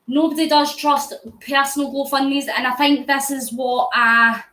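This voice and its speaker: A Scottish woman from near Glasgow hosts a fundraising live stream while cycling, chatting and answering viewer comments aloud with frequent laughs. Her high voice has fairly even intonation, a measured pace and a sharp tone, in a roomy, rough recording.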